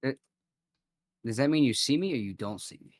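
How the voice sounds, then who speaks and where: A man's voice: medium pitch, lively intonation, brisk, no echo, studio quality. A man playing a tabletop game, joking and retelling moments with animation. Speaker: player. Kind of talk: casual gaming chat.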